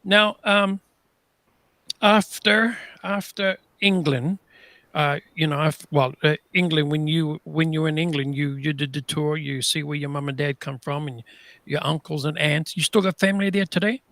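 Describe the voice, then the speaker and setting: A man's voice: fairly high pitch, moderate pace, a bit bright, no echo. A man hosting a casual interview, asking questions and chatting at length with many fillers. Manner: chatty, full of fillers and restarts. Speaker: host.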